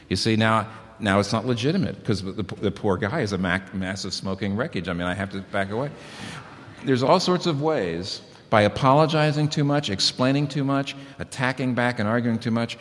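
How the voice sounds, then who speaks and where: A middle-aged man preaching on marriage, emphatic and repeating his key points. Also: on the low side. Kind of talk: sermon on marriage. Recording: long hall reverb.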